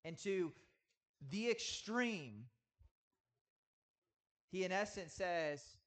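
A man in his thirties, a pastor, preaching an earnest sermon with slow, emphatic stresses. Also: fairly high pitch, expressive, a bit bright. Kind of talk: sermon teaching.

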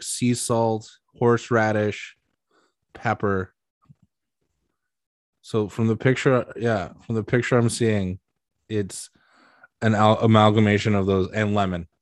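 A man with a fairly low voice co-hosts a casual podcast chat. He rambles and riffs with incredulous energy. The sound is close and dry, with no room around it. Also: no room sound. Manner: rambling, incredulous, animated riffing. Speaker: podcast co-host.

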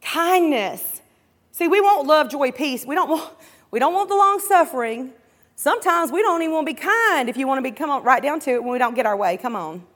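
A woman with a notably high-pitched, fairly bright voice preaches a sermon, animated and fairly quick, in a big-room acoustic. She punches her points with call-and-response cries and slips into the voices of imagined believers and coworkers.

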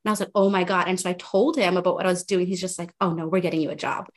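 Her lowish voice comes out rapid-fire as this young woman journalist, guesting on a podcast, walks through her career. She's talkative and animated, leaning heavily on fillers in a casual interview style.

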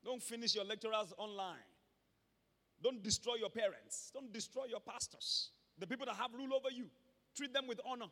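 Nigerian pastor preaching, high bright voice, gets loud n emphatic, big echo hall. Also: male voice, fairly quick. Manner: emphatic, swings from quiet to shouting. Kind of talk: sermon. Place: church. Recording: long hall reverb.

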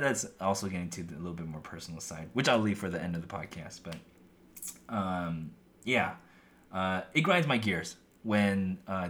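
A man's voice: low voice, a bit bright. A young man hosting his own podcast in casual, rambling talk full of "like" and "um", his voice a bit worn as he is losing it. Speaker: podcast host.

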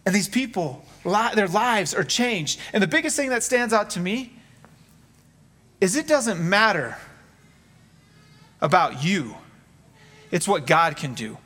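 A man's voice: sits high, bright, forceful tone. A man preaching a sermon in an earnest, conversational way, acting out quotes from scripture. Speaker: pastor.

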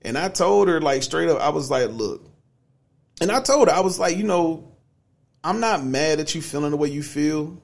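Young man, podcast co-host, relaxed storytelling, slightly high voice, lots of fillers. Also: normal speed, vocal fry. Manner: laid-back, many fillers like "you know what I'm saying". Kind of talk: casual storytelling.

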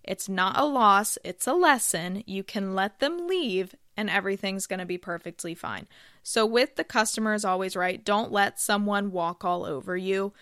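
Smooth-voiced woman giving casual advice. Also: mid-range voice, moderate pace, a bit bright, no echo, clean studio sound. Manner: chatty, uses filler phrases. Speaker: podcast host.

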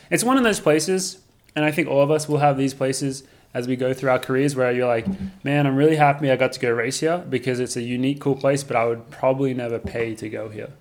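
A young man hosting a casual podcast in a studio, joking and laughing easily as he talks. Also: medium pitch. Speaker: podcast host.

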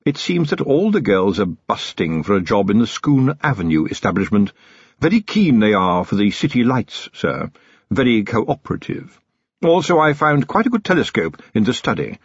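A man's voice: fairly low pitch, sing-song, moderate pace, breathy edge, no echo. A man voicing a shrewd, cheeky middle-aged manservant who talks bluntly and knowingly, on a dull lo-fi audiobook recording.

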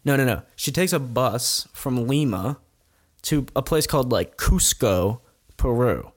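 A man's voice: mid-range voice, a little slow. A man casually retelling a documentary's story, swearing often and laughing as he talks. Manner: profane, laughing, animated retelling. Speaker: commentator recapping a documentary.

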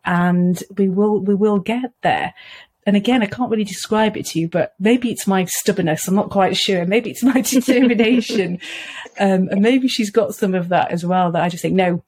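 A woman's voice: medium pitch, a little mellow. A middle-aged woman, an earnest podcast guest who talks reflectively and often laughs. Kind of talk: conversational interview.

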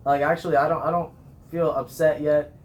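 A teenage boy, a high school marching band student, chatting casually in an interview in a rambling, self-deprecating way. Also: little pitch movement, fairly quick. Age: teens.

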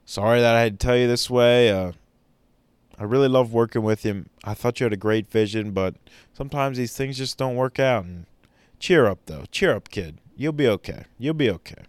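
A man doing a loud, rushed business boss. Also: mid-range voice, no echo, natural voice. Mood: breezy apologetic. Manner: loud, rushed, chummy, calls people buddy and pal. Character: breezy fast-talking male business boss, casual and blunt.

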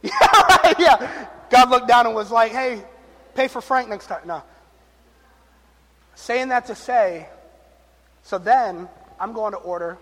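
A man's voice: extremely high pitch, slow, long pauses. A man preaching a sermon, telling a story and acting out the people in it, with jokes along the way. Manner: animated, acts out quotes, jokes and laughs. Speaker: pastor. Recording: long reverb of a large hall.

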